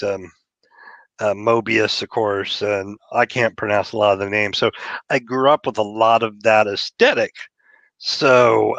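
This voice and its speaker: A man's voice: fairly low pitch, gravelly, a bit bright, no echo, highs cut off. A man from Texas, a comic book writer and guest, talking casually and chattily with lots of fillers. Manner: chatty, laughing, trails off in fillers. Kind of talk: casual interview chat.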